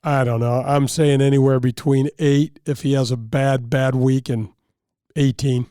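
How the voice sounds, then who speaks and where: A man's voice: mid-range voice, level tone, unhurried, dark tone, clean tone, no room sound, studio quality. A man co-hosting a golf talk show, speaking conversationally with frequent halts and restarts. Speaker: radio show co-host. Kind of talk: casual sports talk.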